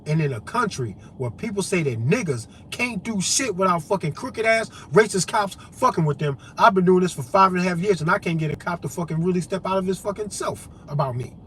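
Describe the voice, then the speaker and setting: A man with a notably high voice delivers a fired-up monologue to his camera. He swears freely, preaches, and drives each point home through repetition. Faint background noise sits under his voice. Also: animated, fairly quick, hardly any pauses, a bit bright. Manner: profane, emphatic, preachy, repetitive. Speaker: vlogger and activist.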